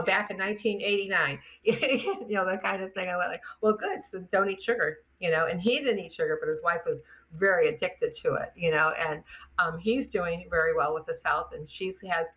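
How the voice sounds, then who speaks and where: A middle-aged woman, a chiropractor guest, chatting in an interview and telling lively stories with acted-out quotes. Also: lowish voice. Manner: chatty, animated storyteller acting out quotes. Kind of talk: casual interview storytelling.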